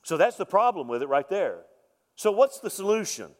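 Emphatic preacher in a reverberant hall. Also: male voice, high voice, big pitch swings, moderate pace. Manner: emphatic, repeats key lines, rhetorical questions. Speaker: pastor. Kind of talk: sermon. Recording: long reverb of a large hall.

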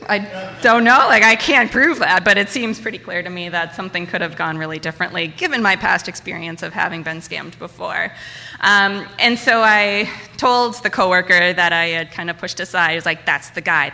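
A woman tells a story on stage, playing out each person she quotes. Her voice is bright and clear. A long reverb trails off the walls of the hall. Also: fairly low pitch. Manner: animated, acts out quotes.

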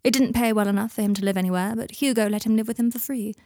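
A woman's voice: on the high side, fast talker, mellow, slight background noise, lightly acted. A woman voicing a bitter, sardonic young man. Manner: cold, clipped and mocking. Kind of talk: audiobook reading of fan fiction.

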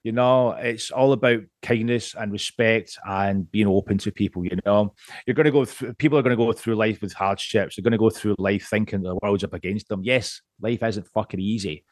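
A man's voice: fairly low pitch, normal speed, dry recording, clean studio sound. Rambling Scottish-born man in his late 30s. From Scotland. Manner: rambling, swears freely, many restarts. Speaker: podcast guest. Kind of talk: casual podcast chat.

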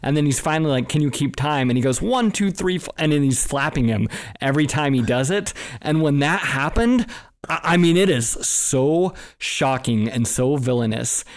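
Guy on a movie podcast, gets animated retelling scenes, does little voices, laughs a lot. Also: mid-range voice, moderate pace. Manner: animated, acts out quoted dialogue, laughs often. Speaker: film podcast co-host. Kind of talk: casual film discussion.

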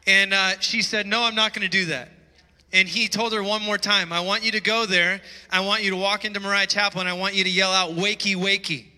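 A man preaching in a church hall, his high voice carrying a long reverb. His tone is bright and forceful as he tells stories and presses his listeners with urgent calls to wake up. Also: steady tone, a little fast. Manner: storytelling, emphatic rising calls to wake up. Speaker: pastor. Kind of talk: sermon.

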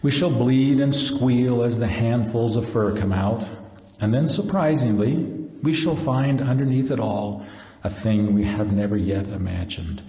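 A man's voice: mid-range voice, unhurried, mellow. A middle-aged man giving a live religious lecture, telling stories earnestly and reading passages aloud. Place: large lecture hall. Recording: echoey hall, dull lo-fi.

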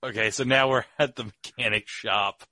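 A man commenting casually on a movie, playful and quick to agree. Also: mid-range voice, fairly even intonation, bright, forceful tone, dry recording. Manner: playful, chimes in with short agreements. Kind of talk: casual commentary over a film.

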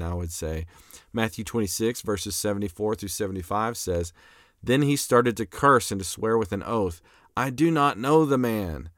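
A man's voice: sits low, dry recording, studio quality. A young man giving a conversational lecture, reading scripture aloud, with frequent fillers and restarts. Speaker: apologetics lecturer. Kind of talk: casual recorded lecture.

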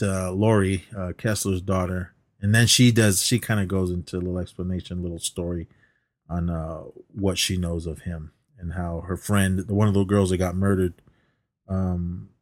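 A podcast co-host with a low-pitched voice casually recaps a film's plot, rambling along and quoting the characters as he goes. There's no echo on the recording.

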